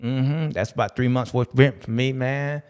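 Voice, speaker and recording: A broke, lazy caddy grumbles in rambling street slang, as a man puts him on. His voice sits at an ordinary middle pitch, neither deep nor high, and he complains about being worked too hard. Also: fairly even intonation, normal speed, a little mellow, smooth, natural voice. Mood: grumbling.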